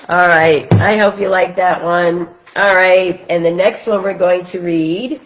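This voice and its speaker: A woman hosting a children's storytime, reading picture books aloud in a gentle, expressive way. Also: fairly low pitch, measured pace, few pauses, dull audio, slight background noise. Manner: gentle, expressive, sing-song. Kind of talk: picture book read-aloud for toddlers.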